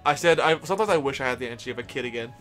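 A man's voice: medium pitch, animated, racing, fairly bright tone, soft background music. Giggly rambling man streaming a game. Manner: giggly, rambling, laughs a lot. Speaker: streamer and coach. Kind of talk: casual game stream chat.

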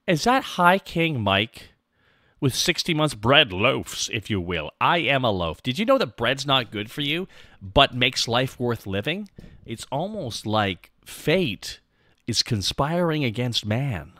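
Bright, lively goofy male streamer. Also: medium pitch, measured pace, no room sound, studio quality. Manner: goofy, self-mocking, reads out chat. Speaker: VTuber streamer. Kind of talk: casual livestream chat.

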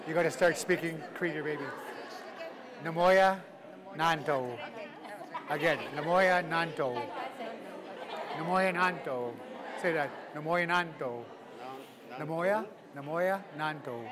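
A man's voice: fairly high pitch, slow pace, pauses often. A man teaching a live language class, calling out drills and repeats in a playful way, laughing along with his students. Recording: crowd noise in a live classroom. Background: class chatter and laughter.

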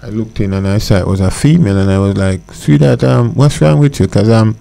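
A man's voice: on the low side, fairly quick, gravelly, warm tone. A man with a Jamaican accent, a guest on a radio show, telling a story in casual talk and laughing as he goes. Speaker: studio guest. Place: radio studio. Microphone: studio mic.

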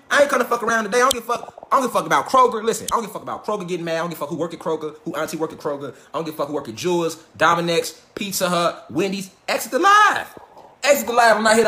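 A man lectures on a livestream in a high voice and at a rapid clip. He is profane and preachy, talks in street slang and repeats himself. The roomy echo suggests a bare room at home. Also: fairly bright tone. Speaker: livestream host.

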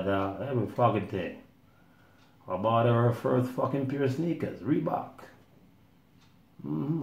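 Gravelly slow-talking man, blunt and profane. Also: mid-range voice, a little mellow. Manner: profane, blunt, acts out voices. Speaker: musician telling his story. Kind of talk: rambling profane storytelling monologue. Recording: roomy echo.

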